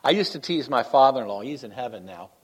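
A middle-aged man preaches in a relaxed, storytelling way, with a voice of average pitch. He breaks into quick laughs, corrects himself mid-sentence, and moves from loud, emphatic lines to quiet, low asides. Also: husky. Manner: conversational and anecdotal, with laughter and self-corrections; swings between emphatic exclamations and quiet asides. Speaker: guest preacher. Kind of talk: sermon.

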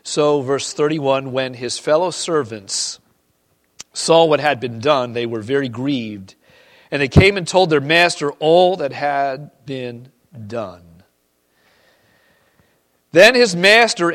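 Guy preaching in church, kinda high voice, gets loud then real quiet. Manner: swings from loud emphatic reading to quiet intimate asides. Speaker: pastor. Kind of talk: sermon.

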